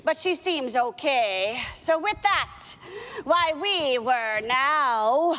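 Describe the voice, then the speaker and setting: A woman's voice: high-pitched, animated, very slow, sharp tone, long reverb tail. A woman at a library telling children a pirate story, with playful pirate talk. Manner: playful pirate talk, with an occasional "arr" and "me ship".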